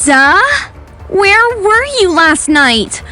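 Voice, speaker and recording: Whiny spoiled teen girl, jealous and bossy, high nagging voice, put on by a woman. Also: animated, drawn-out words, pushed and bright, soft background music, exaggerated voice. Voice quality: whiny, annoying. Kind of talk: animated story voice acting.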